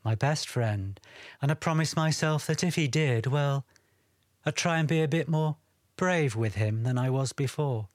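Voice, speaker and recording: A gentle young woman in a storybook tells her story softly and plainly, as a male narrator reads her part. Her lines sit close to his usual middle pitch. The sound is dry and close. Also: measured pace, no room sound, lightly acted. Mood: tender. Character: young woman, a freed friend, gentle and shy. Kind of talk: audiobook character reading.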